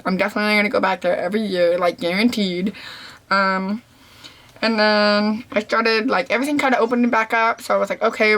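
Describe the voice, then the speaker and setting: Bright-voiced young deaf woman vlogging. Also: mid-range voice. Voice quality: deaf speaker's voice. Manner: animated storytelling, slangy, acts out quotes. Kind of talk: casual talking-to-camera recap.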